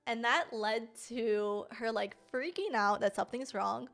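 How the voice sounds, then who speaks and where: A young woman streamer telling a personal story casually, animated and slangy, often laughing. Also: on the high side, measured pace, creaky.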